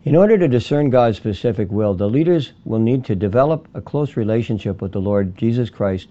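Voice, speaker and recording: A man reading a scripted devotional radio spot in a calm, instructive way, citing scripture references. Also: lowish voice, brisk, few pauses, muffled recording. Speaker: radio ministry spot narrator.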